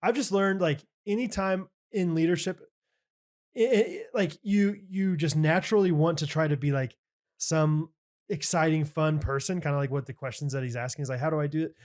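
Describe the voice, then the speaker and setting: A man's voice: a little high, moderate pace, darkish tone. A man co-hosting a podcast in casual chat, rambling with lots of fillers and restarts, joking and laughing easily. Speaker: podcast co-host.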